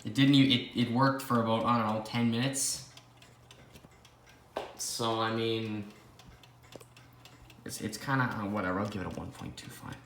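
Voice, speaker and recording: A man's voice: fairly low pitch, steady tone, normal speed, long pauses, a bit bright. A young man rambles through a casual vlog, mumbling asides and poking fun at himself. His voice bounces around an echoey room with a faint hiss of noise underneath. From Canada. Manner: rambling, self-deprecating, talks to himself. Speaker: clock collector host. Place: indoor room with ticking clocks. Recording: roomy echo, faint background noise.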